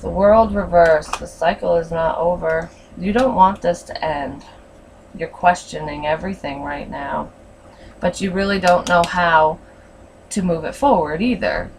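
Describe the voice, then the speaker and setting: A woman's voice: on the low side, unhurried, far from the mic, a little hiss or hum, low-quality recording. A woman giving a casual tarot reading, blunt and frank, swearing freely. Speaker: tarot reader.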